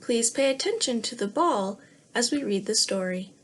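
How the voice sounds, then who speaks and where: A woman teacher reading a fairy tale to young children in a gentle way, pausing to ask the class questions. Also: on the high side, expressive. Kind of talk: read-aloud lesson for young children.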